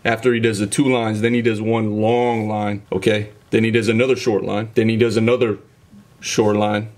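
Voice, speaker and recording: A man's voice: on the low side, little pitch movement, moderate pace, darkish tone. A man hosting a music reaction video, talking casually and enthusiastically as he breaks down the rhythm and delivery aloud. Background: music playing behind.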